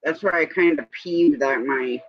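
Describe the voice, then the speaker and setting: A man's voice: fairly high pitch, moderate pace. A man hosting a livestream, chatting casually and rambling from one everyday topic to the next. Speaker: livestream host. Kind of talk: casual evening chat. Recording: dull lo-fi stream audio.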